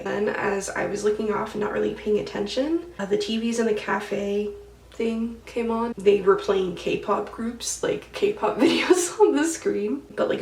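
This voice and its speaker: A woman's voice: medium pitch, gravelly, a little mellow, a little hiss or hum. A young woman chatting casually while doing her makeup, giggly and full of "like" fillers. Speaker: beauty vlogger. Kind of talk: casual get-ready-with-me chat. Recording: echoey room, mic a bit far off.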